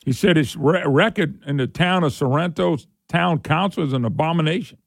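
A man hosting an opinionated political talk show, sarcastic and quick to laugh. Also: gravelly, no echo, clean studio sound. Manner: sarcastic, laughs often, voice jumps high when mocking. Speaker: radio talk show host.

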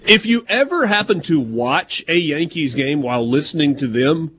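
Lively Southern sports radio host. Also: male voice, a little high, moderate pace, breathy edge. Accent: Southern American. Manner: chatty, teasing, digressive. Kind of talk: casual sports radio banter.

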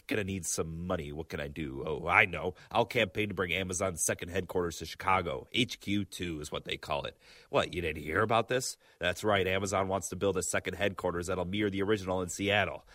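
A man delivering a comedic news segment in a theatrical, gruff mock-tough manner, like a pirate. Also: sits low, fairly bright tone, no echo, studio quality. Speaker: tech news segment contributor.

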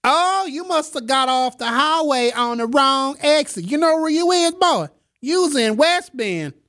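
A man voicing a hostile small-town man with a put-on Southern accent, high and drawling. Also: lively intonation, unhurried, fairly bright tone, full character voice. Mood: menacing.

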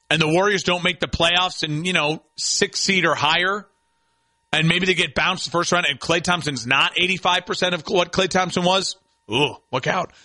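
A man hosting a local sports talk radio show, delivering an opinionated, animated monologue. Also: sits high.

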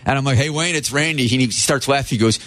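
A man co-hosting a radio show, briskly telling an anecdote and quoting others as he goes. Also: mid-range voice, fairly bright tone. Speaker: radio co-host.

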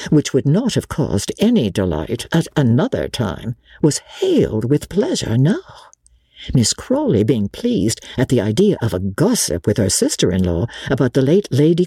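A woman giving an expressive, dramatic audiobook narration of a classic novel. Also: extremely low pitch, husky, no room sound, studio quality.

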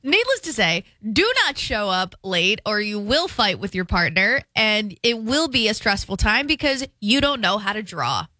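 A woman's voice: mid-range voice, moderate pace, hardly any pauses, no echo. A young woman hosting a radio show, chatting casually and acting out quotes as she tells stories, in a studio. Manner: animated storyteller, acts out quotes. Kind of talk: casual on-air banter.

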